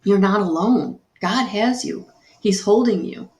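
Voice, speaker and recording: A woman giving a slow, soothing spiritual guidance talk on a live stream, repeating her phrases and greeting viewers by name. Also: medium pitch, darkish tone, roomy sound.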